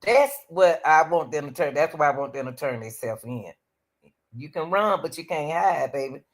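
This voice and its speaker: A woman's voice: deep voice, animated, moderate pace. A woman hosting a reaction stream, pleading and preaching as she comments on a video, often calling out to the Lord.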